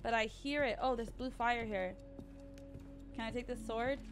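A woman streaming a horror game, chatting excitably, cursing a lot and shrieking when scared. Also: on the high side, moderate pace, over music. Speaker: gaming streamer. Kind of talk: live let's-play commentary.

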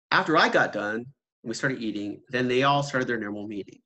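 A man talks through a seminar in a relaxed, conversational way, at an ordinary middle pitch. He tells stories by acting out what other people said and keeps throwing rhetorical questions at his listeners. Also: fast. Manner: animated storytelling with quoted voices and rhetorical questions. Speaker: seminar speaker.

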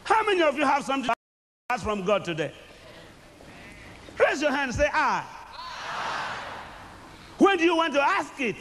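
A man preaching a sermon to a live congregation in a large church hall. He speaks emphatically, gets the crowd to repeat phrases after him, and swings from shouts down to low tones. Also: very animated, normal speed, pauses often. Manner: bursts into shouts, then drops low. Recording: echoey hall with faint noise.

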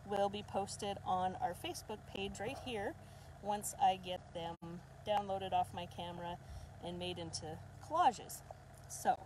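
A woman who breeds dogs talks casually to the camera, then slips into sing-song baby talk with the puppies and laughs often. Her voice sits at an ordinary middle pitch. Steady background noise runs under the recording. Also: low-quality recording. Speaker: dog breeder. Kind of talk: casual vlog talking to puppies.

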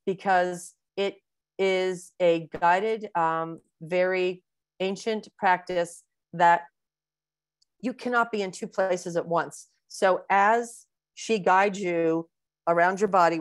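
Woman, sixties, physician guest, webinar interview, rambling warm explanations, lower pitch, dry close sound. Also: smooth, no room sound. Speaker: breast cancer physician, guest.

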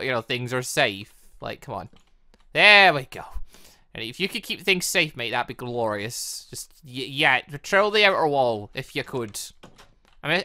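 A man's voice: on the high side, bright, forceful tone, no room sound. A young man chatting and joking through his Minecraft let's play, talking to the villagers in the game. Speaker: gaming YouTuber.

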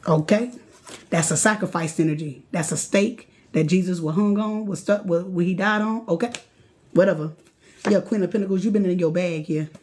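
A woman giving a late-night live tarot reading, casual and slangy, talking straight to her viewers and getting excitable, chanting and repeating herself. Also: on the low side, normal speed. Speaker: tarot card reader.

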